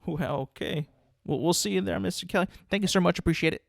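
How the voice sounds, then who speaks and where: A formal, polite college official who keeps tripping over his words, as a man plays him in a comedy skit. His voice sits fairly high and sounds close and dry. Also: fast, creaky, no room sound. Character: polite male university official welcoming a coach.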